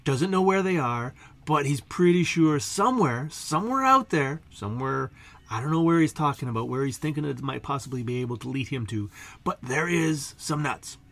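A man's voice: mid-range voice, normal speed, vocal fry. A man streaming to a chat, telling an improvised, silly story in a meandering, joking way with many asides. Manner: meandering, self-interrupting, joking.

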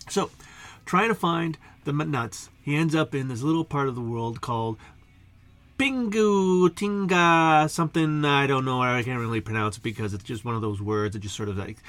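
A man streaming to a chat, telling an improvised, silly story in a meandering, joking way with many asides. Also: medium pitch. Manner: meandering, self-interrupting, joking.

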